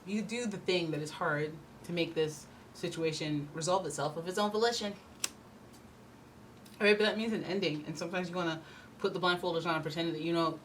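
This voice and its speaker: Woman tarot reader, low-ish voice, chatty and blunt, acts out voices for laughs, faint hiss behind. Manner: animated, slips into playful mock voices. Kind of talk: casual tarot reading to camera.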